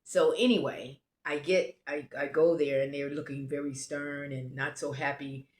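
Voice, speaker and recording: Low-voiced American woman telling a story. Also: steady tone, normal speed, darkish tone. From United States. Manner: rambling, self-interrupting, restarts. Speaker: travel vlogger. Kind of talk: casual storytelling. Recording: roomy echo.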